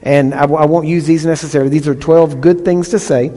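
A man's voice: a little high, steady tone, fairly quick, dark tone, in a large hall. A male pastor preaching a sermon, teaching emphatically and often checking in with the congregation.

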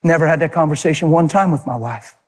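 A man delivering a sermon through a personal story, his voice a touch high and noticeably husky. He slips into the voices of the people in his story, swinging from forceful passages to hushed, intimate ones. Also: fast, in a large hall. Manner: acts out dialogue, swings from loud to hushed. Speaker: preacher.

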